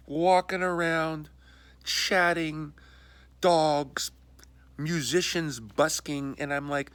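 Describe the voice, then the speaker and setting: A man delivering an angry, profane personal rant, swinging from loud exasperated outbursts to low mutters. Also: moderate pace, dry recording. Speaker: video message maker.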